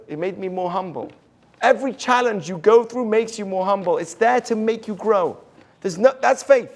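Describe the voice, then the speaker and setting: A man, a rabbi, giving an inspirational talk to an audience and telling stories in an earnest way. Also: high voice. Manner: earnest storytelling, drops to a hush for quoted lines.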